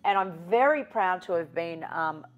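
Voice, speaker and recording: A woman's voice: fairly low pitch, normal speed, lo-fi sound, soft background music. A middle-aged Australian woman from Newcastle, a psychic guest telling stories in an interview and acting out the dialogue. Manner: animated storyteller, acts out quoted dialogue. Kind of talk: storytelling interview chat.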